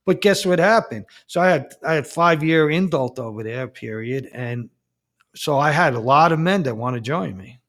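A man, a Catholic priest, giving a personal testimony in a blunt, emphatic way and getting louder and higher when heated. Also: expressive, normal speed. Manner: blunt, emphatic storyteller who acts out quoted exchanges; rises in pitch and force when heated.

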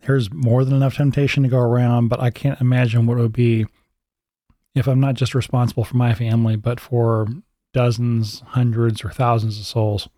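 A man's voice: mid-range voice, little pitch movement, moderate pace, warm tone, no room sound. A male podcast host speaking earnestly, a little hesitantly, with fillers. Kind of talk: casual chat.

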